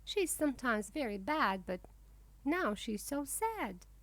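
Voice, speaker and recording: A woman reading a children's storybook aloud in a slow, clear way for young English learners. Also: high voice, very animated, a bit bright, dry recording. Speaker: narrator. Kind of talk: children's book read-aloud.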